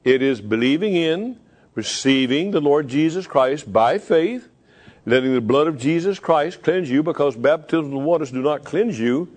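A middle-aged man preaching as a pastor, emphatic and slowing down to repeat key phrases. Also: fairly high pitch, animated, a little mellow. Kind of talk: sermon.

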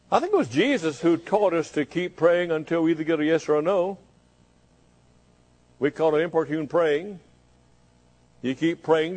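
Fervent preacher, slightly high voice. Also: male voice, darkish tone, poor audio. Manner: fervent, with repeated rhetorical questions. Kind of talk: sermon.

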